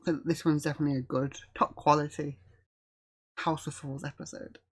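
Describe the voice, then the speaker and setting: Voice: mid-range voice, flat delivery, normal speed, husky. Giggly co-host, rambling. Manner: laughs often, loose rambling sentences. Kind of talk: casual chat.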